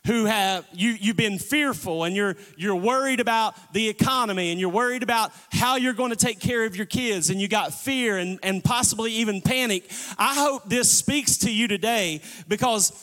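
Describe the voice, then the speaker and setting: A man's voice: high-pitched, moderate pace, pushed and bright. A man preaching a sermon as pastor, calling on the congregation to respond. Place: church sanctuary. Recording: long church reverb.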